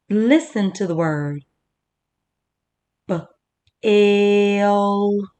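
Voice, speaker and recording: Slow, careful woman teaching young children. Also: lowish voice. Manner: slow, clearly sounding out words for children. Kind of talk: teaching a first-grade reading lesson.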